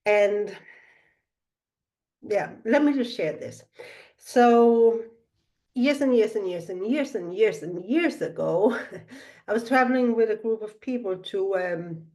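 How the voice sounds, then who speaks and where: A middle-aged woman speaking softly and reflectively, telling a personal spiritual story with many pauses and fillers. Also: mid-range voice. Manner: soft-spoken, meandering, with frequent fillers.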